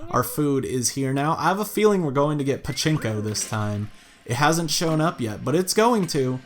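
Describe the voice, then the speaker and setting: A man casually commentating a matchmaking game, reading characters aloud and reacting with amused chatter and sudden excited shouts. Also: fairly high pitch, moderate pace. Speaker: gameplay commentator. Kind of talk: let's play commentary.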